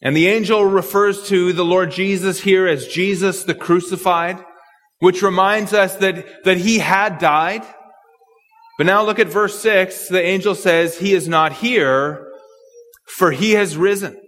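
A man's voice: sits high, steady tone, a little slow, fairly bright tone, long reverb tail. A man preaching an expository sermon, earnest and thinking aloud, repeating words as he works through a passage. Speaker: pastor.

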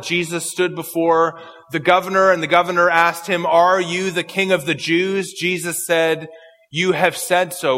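A man preaching an expository sermon, reading and explaining scripture verse by verse and slowing to quote it. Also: high-pitched, bright, forceful tone, in a large hall.

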